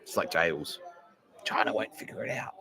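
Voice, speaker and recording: A man's voice: fairly low pitch, normal speed, gravelly, bright, forceful tone. An Australian man hosting a podcast, delivering a crude, rambling comedy rant full of swearing. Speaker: podcast host. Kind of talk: ranting comedy monologue.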